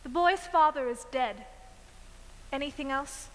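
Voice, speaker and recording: A woman's voice: high-pitched, unhurried. A woman playing a prim, cold young librarian in a stage musical, curt and disapproving. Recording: stage with long hall reverb.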